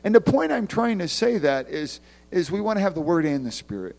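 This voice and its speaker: An animated man gives a conversational sermon talk, telling stories and bursting into loud outbursts. His voice sits fairly high for a man. The sound rings with the long reverb of a large hall. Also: fairly quick, gravelly. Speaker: ministry leader.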